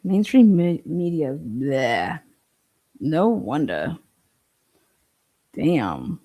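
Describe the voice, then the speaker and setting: A woman's voice: fairly low pitch, lively intonation, slow, dark tone, no echo. A woman hosting a livestream, reacting crudely and sarcastically to a TV clip, swearing and laughing often. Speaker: livestream host. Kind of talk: casual reaction commentary.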